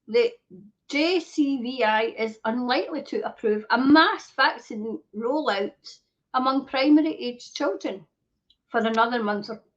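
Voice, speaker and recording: A woman's voice: a little high, a bit bright. A woman hosting a commentary show, reading news aloud and breaking into angry, swearing rants full of rhetorical questions, with occasional coughs. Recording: dull lo-fi home recording.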